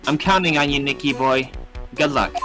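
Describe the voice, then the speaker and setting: A man voicing a doting, flirty wife with a mock French accent, sweet but quietly menacing, over background music. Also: medium pitch, moderate pace, close to an everyday voice. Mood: sweetly menacing. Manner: sugary, coaxing, playful.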